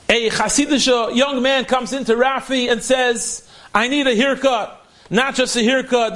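Guy with a really high voice telling an inspiring story, earnest and animated. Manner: earnest, animated retelling with Yiddish and Hebrew terms.

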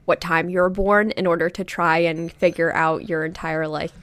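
A woman's voice: lowish voice, fairly even intonation, moderate pace, a bit bright, clean tone. A young woman hosting a podcast, chatting casually and telling stories with self-deprecating asides. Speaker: podcast host. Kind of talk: casual chat.

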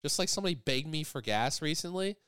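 A man co-hosting a podcast, telling profane stories in a casual chat and shouting out the voices of the people in them. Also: fairly high pitch, quick pace, clean tone, dry recording, studio quality. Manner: profane, animated storyteller who shouts quoted voices. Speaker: podcast co-host.

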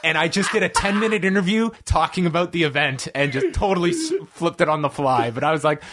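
A man's voice: a little high, big pitch swings, fast, few pauses, a bit bright. A man who interviews people for media, chatting casually in a rambling way and correcting himself as he goes. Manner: rambling, self-correcting storyteller.

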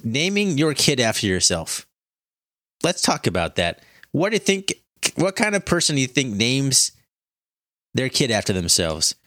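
A young adult man co-hosting a podcast in casual chat, relaxed and joking, often laughing. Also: medium pitch, normal speed, pauses often, no echo, studio quality. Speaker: podcast co-host.

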